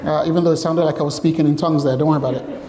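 A man's voice: on the high side, fairly even intonation, racing, background noise. A man preaching an interactive sermon to a congregation, chatty and jokey, asking questions and teasing the room. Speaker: pastor. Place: church hall with congregation.

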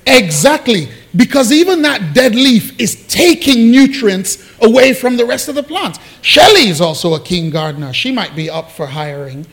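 A man's voice: extremely high pitch, animated, normal speed, hardly any pauses, fairly bright tone. A male pastor, preaching a sermon in a chatty, joking way to his congregation, often repeating himself and restarting while he searches for the right word.

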